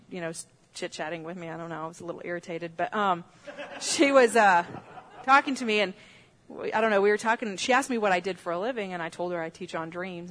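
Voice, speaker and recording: A woman who teaches on dreams, telling a story in a sermon in a chatty way, with restarts and laughs. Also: medium pitch.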